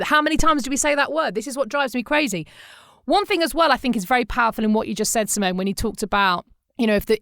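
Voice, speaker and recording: A middle-aged woman from England chatting on a podcast, her voice sitting a little high. She tells stories with lots of animation and acts out the people she quotes. The sound is dry and close. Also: a bit bright, no echo. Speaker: podcast co-host. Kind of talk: casual podcast chat.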